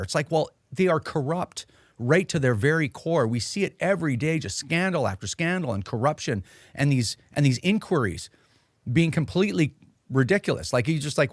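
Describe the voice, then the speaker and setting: A man's voice: a little high, animated, moderate pace, dry recording, clean studio sound. Heated sarcastic man. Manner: heated, sarcastic, mocks officials in put-on voices. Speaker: host. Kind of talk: casual political commentary.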